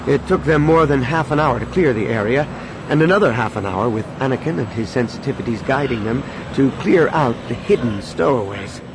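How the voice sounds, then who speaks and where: A man narrates an audiobook in a steady, expressive storytelling style. His voice is gravelly, and his pitch rises and falls freely. A steady hum, like a vehicle, runs underneath the recording. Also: fairly quick.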